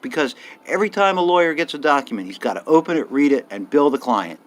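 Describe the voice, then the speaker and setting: A man's voice: a little high, expressive, fast talker. Older guy ranting bluntly at the camera, fed up, swears a lot. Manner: blunt, indignant, swears freely, rising emphasis. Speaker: vlogger. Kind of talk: casual ranting monologue.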